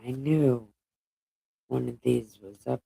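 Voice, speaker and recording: Woman, casual Bible reading, profane asides, unhurried, dry close sound. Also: extremely low pitch, steady tone, creaky, dark tone, breathy edge, no echo.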